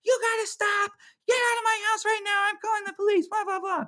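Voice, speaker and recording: A man voicing an alarmed mother who shouts orders down a phone line in a shrill falsetto. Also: fairly even intonation, brisk. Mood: frantic.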